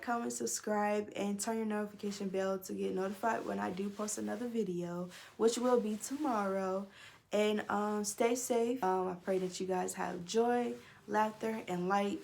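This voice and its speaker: Animated, profane young woman vlogger. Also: mid-range voice, vocal fry. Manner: animated, profane, talks straight to viewers. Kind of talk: casual storytelling to camera.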